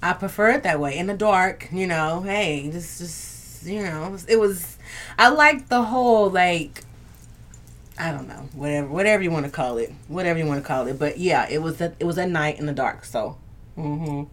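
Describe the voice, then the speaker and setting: A woman's voice: deep voice, lively intonation, normal speed, a bit bright. A young woman hosting a casual livestream, bantering with viewers, reading their comments aloud and laughing often. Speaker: livestream host. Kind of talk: casual live chat.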